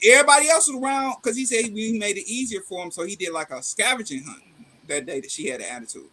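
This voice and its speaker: A middle-aged man chatting casually, telling a family story with lively acted-out dialogue and salty slang. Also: sits high, fast talker. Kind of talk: casual chat.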